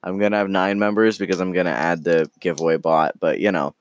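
A man hosting a podcast, chatting casually and telling an improvised story in a rambling, joking, halting way. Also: deep voice, level tone, no echo. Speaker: podcast host.

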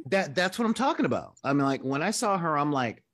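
A man's voice: on the high side, sing-song, fairly quick, fairly bright tone, no echo, clean studio sound. A man co-hosting a podcast in casual chat, drawling and acting out quoted reactions. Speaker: podcast co-host.

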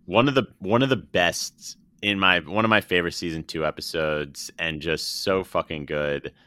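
A man's voice: low voice, moderate pace, pushed and bright, no echo, studio quality. A man co-hosting a podcast, praising an episode with emphatic enthusiasm in casual chat. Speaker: podcast co-host.

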